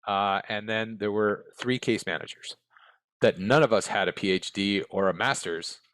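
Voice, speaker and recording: An American man with a lowish voice speaks in a blunt, frank way, answering interview questions as a former case manager. He often checks in with his listener through short tag questions. The sound is close and dry, with little room around it. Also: moderate pace, a bit bright, no echo.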